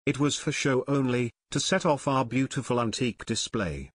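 A man's voice: medium pitch, normal speed, dry recording, studio quality, natural voice. A man doing an indignant French shopkeeper woman. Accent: French, put on. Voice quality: indignant, clipped. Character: haughty French woman shop manageress.

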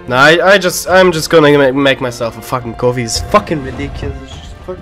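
A man's voice: mid-range voice, fast talker, hardly any pauses, a bit bright, faint music behind. A young man with a German accent, hosting a gaming channel and ranting with frequent swearing as he waits in a queue. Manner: swearing, exasperated outbursts. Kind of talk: ranting gameplay commentary.

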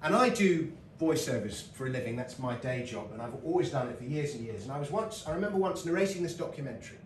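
Here a middle-aged British man, a comedian and lecturer, tells funny stories in front of a live lecture-hall crowd, chatting along with asides and laughter. He speaks quickly and animatedly at a medium pitch. The audio comes from a roomy, distant hall microphone, with slight background noise.

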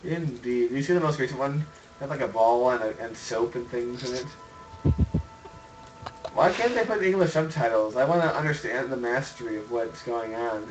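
A man's voice: medium pitch, moderate pace, music in the background, rough recording. A man hosting a game stream, chatting casually in a joking, laid-back way and swearing freely. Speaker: streamer host playing a city-building game. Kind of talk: casual chat.

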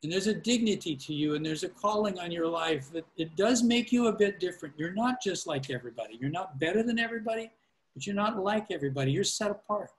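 A man's voice: high voice, lively intonation, fast talker, low-quality recording. Earnest pastor man giving fatherly counsel. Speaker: pastor teaching preaching. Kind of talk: informal teaching on a video call.

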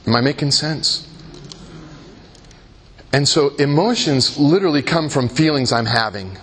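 A man with a husky voice teaches a Christian workshop at a convention. He talks conversationally, checks in with his listeners through rhetorical questions, and pokes fun at himself. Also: medium pitch, expressive, a little slow, a bit bright. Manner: engages listeners with rhetorical questions and self-mocking jokes. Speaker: workshop leader.

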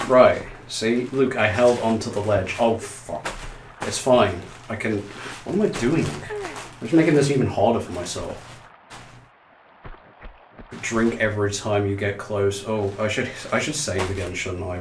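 A man's voice: lowish voice, reverberant, noisy background. Winded man streaming a game. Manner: chatty, self-mocking, swears, reads chat aloud. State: out of breath, legs tired. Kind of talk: live gameplay commentary.

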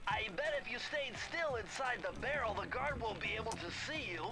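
An actor playing a nervy, fussy turtle sidekick in a video game. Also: male voice, very high voice, animated, fairly quick. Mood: fretful. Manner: fussy, worried. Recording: game audio with music.

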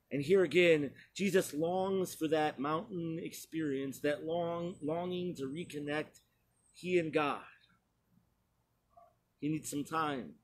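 Slow, storytelling male pastor. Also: fairly high pitch, slightly rough. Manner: slow, storytelling retelling with frequent pauses. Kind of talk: sermon.

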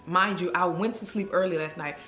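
A woman vlogger telling a story to her viewers in a chatty, animated way, speaking straight to the camera. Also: on the low side, brisk, soft background music. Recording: roomy echo.

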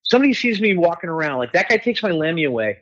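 A man guesting on a podcast, telling a story in casual chat, animated and swearing freely as he acts out other people's voices. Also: fairly high pitch, rapid-fire, highs cut off. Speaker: guest musician.

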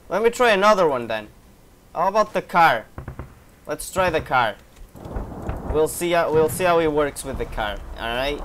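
A man's voice: fairly high pitch, expressive, moderate pace, pauses often, fairly bright tone, a little hiss or hum. A young man giving casual gameplay commentary, frustrated and sarcastic, swearing often. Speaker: gaming video creator. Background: game music and gunfire.

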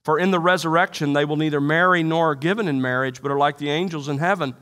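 A man's voice: on the high side, fast, fairly bright tone. A male pastor preaching an expository sermon to a church congregation, quoting scripture and putting emphatic questions to his listeners. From United States. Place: church sanctuary.

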